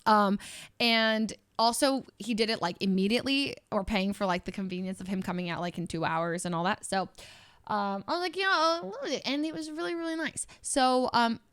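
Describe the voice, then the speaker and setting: A young woman telling a story in a casual, rambling way. She often laughs and acts out the people she quotes in a higher voice. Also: normal speed, smooth, no room sound, studio quality. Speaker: streamer.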